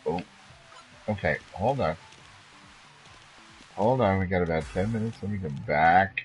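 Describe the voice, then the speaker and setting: A man streaming a video game live, chatting loosely with viewers and breaking into sudden excited outbursts and odd noises. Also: sits low, a little slow, soft background music. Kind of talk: casual live-stream chatter while playing.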